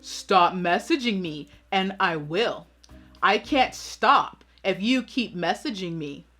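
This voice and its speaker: Woman doing some pushy guy's texts, slow flat dismissive tone, a bit lower than her own. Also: faint music behind, full character voice. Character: pushy persistent adult man messaging online.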